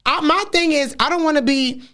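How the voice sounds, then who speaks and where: A woman's voice: high voice, fairly quick, bright, forceful tone. A woman co-hosting a podcast, talking brashly in slangy, laughing banter. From Atlanta area. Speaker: podcast co-host. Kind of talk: casual podcast chat.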